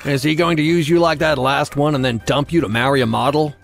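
A man's voice: fairly high pitch, steady tone, a little fast, creaky, faint music behind, pitched above the performer's own voice. A man voicing a chubby, balding, mean father who mocks his daughter's boyfriend. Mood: sneering. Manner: sneering, mocking.

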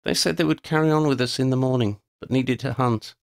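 A man reading the part of a young woman leading her companions in an audiobook, speaking softly and earnestly. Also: mid-range voice, a little fast, creaky, voice pushed up, natural voice. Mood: reassuring. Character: Lydia, young woman leading the companions, commanding but shaken.

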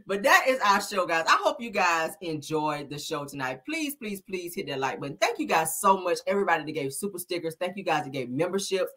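A young adult woman hosting a casual commentary show, laughing often and acting out the people she quotes, with a husky voice. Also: lowish voice, a little fast, hardly any pauses. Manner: animated, laughing, acts out quotes. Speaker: host.

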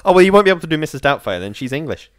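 Wry, deadpan young man with a lively voice. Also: fairly high pitch, racing. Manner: wry, hesitant, deadpan teasing. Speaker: podcast co-host. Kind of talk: casual chat.

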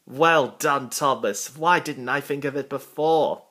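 A man reading a storybook aloud and voicing a bustling, kindly railway boss who speaks briskly. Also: medium pitch, sharp tone.

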